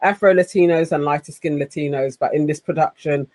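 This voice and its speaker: Podcast co-host, earnest and quick when moved, dry recording. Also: mid-range voice, steady tone, a little mellow, no room sound. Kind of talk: casual chat.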